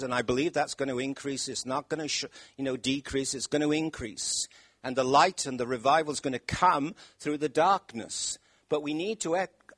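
A man's voice: on the high side, husky, dry recording. Male preacher in church, emphatic, quizzes the congregation, dry mic. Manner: emphatic, rising to loud stresses; asks the congregation questions. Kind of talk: sermon.

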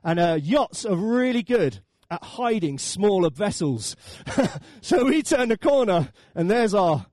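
Man, pastor, sermon, animated storytelling, dry close sound, fairly high voice. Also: measured pace, dry recording. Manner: lively, humorous storytelling with acted quotes.

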